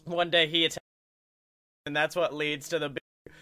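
A man hosting a casual wrestling podcast, excitable and quick to laugh, who slips into goofy put-on voices. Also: fairly high pitch, no room sound.

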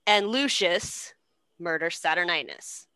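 Bright young woman, profane casual recap. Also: fairly low pitch, a little slow, smooth, dry recording. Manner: animated, profane, laughing.

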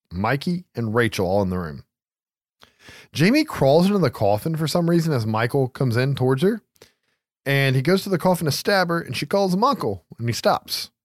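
In clean, dry studio sound, a man with a mid-range voice chats casually on his podcast while recapping a movie. His storytelling is animated and full of profanity, punctuated by laughter.

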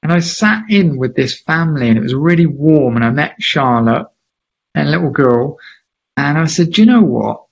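A man, a charity founder and interview guest, telling a lively anecdote and acting out the voices of the people in it. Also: a little high, moderate pace, gravelly. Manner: lively, acts out quoted voices, laughs often. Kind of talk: animated anecdotal storytelling. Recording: slightly dull lo-fi audio.

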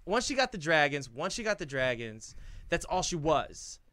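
A man in laid-back podcast chat, profane and quick to laugh. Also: a little high, sing-song, bright, forceful tone, no echo. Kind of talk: casual chat.

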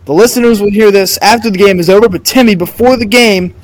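A man's voice: high-pitched, fast, no echo, poor audio. A man hosting a casual sports podcast, moving through the games and asking each co-host for a pick. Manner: runs the segment, calling on co-hosts for picks.

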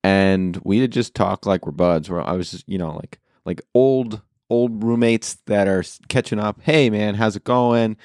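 A man's voice: low-pitched, moderate pace, few pauses, a little mellow, no room sound, clean studio sound. A man co-hosting a casual gaming podcast, playful and joking as he runs through the lineup. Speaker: podcast co-host. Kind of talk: casual chat.

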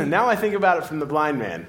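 A man preaching a sermon in a church, playful and animated, laughing as he acts out scenes. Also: on the high side, normal speed. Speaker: pastor.

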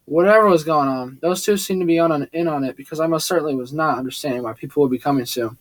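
A man reading a first-person story aloud, steady with occasional slips and restarts. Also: on the high side, fast, dry recording. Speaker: audiobook narrator. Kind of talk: first-person audiobook narration.

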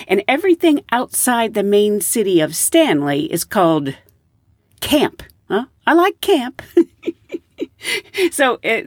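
A woman who lives in the American South, hosting a podcast and telling stories in a casual, animated way, acting out the people in them. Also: mid-range voice, dry recording, studio quality. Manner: animated storyteller, acts out quoted voices. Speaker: podcast host, flight attendant.

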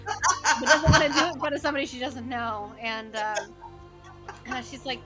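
A woman runs a tabletop game as game master, her voice a little high. She rambles through the scene with lots of fillers and drops into character voices. Clear music plays behind her. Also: steady tone, moderate pace, long pauses.

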